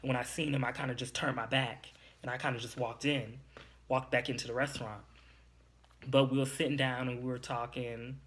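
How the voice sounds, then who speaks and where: A young man talks at a medium pitch with little pitch movement, brisk and a bit bright. Like a podcast host sharing his own story, he confides candidly, sounding emotional and a little teary, and his wording is plain and casual.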